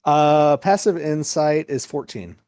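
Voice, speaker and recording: A man's voice: fairly high pitch, slow, a little mellow, no echo, studio quality. A man playing in a tabletop game, talking in a laid-back, easygoing way. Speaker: player. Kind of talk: casual tabletop game chat.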